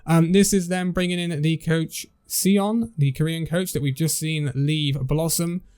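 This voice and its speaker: A man's voice: a little high, steady tone, measured pace, darkish tone, clear, resonant tone. A man hosting a casual esports news roundup, chatty and tripping over player names as he reads through the list.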